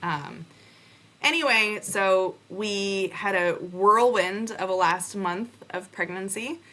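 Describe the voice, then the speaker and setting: A young adult woman hosting a podcast, telling a personal story in an animated way and acting out the conversations she quotes. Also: mid-range voice, slow pace. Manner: animated, acts out quoted dialogue. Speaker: podcast host.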